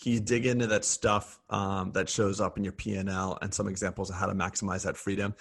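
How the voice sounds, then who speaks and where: Deep gravelly blunt man in his forties. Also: little pitch movement, fairly quick. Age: 40s. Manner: blunt, profane and reflective. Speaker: podcast co-host. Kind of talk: candid podcast conversation.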